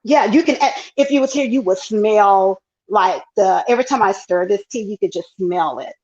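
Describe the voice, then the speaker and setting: A woman's voice: moderate pace, darkish tone, muffled recording. A woman with a Southern Texas accent, enthusiastically presenting her tea products in a chatty live demo over an earpiece. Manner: exuberant, chatty, sales pitch. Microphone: earpiece, livestream.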